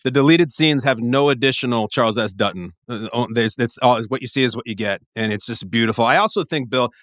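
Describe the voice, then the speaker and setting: A man talking in an animated, joking way on a podcast, often swearing. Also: mid-range voice, brisk, dry recording, studio quality. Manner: animated, profane, jokey. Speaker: podcast guest. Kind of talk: casual chat.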